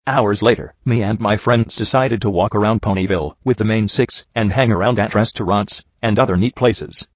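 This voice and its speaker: Deadpan sarcastic man, low husky voice. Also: moderate pace, hardly any pauses, dry recording. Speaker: reviewer reading bad fanfiction. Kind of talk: dry comedic reading and commentary. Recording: dull lo-fi home recording.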